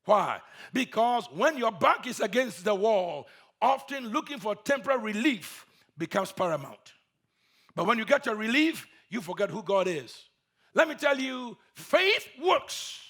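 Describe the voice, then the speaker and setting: A man's voice: high-pitched, sing-song, measured pace, fairly bright tone. A man preaching a sermon, telling a story with emphatic, repeated phrases.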